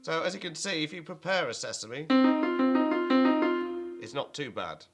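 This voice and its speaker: A man's voice: on the high side, normal speed, over loud music. Man teaching a keyboard lesson. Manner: chants rhythm words loudly over playing; relaxed explaining with fillers. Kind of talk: online music lesson.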